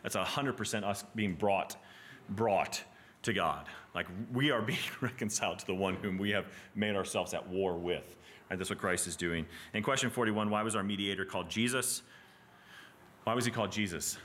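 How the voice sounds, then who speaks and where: A man teaching a Bible study class in a casual, animated way, often asking "right?" and restarting his sentences. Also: on the low side, moderate pace.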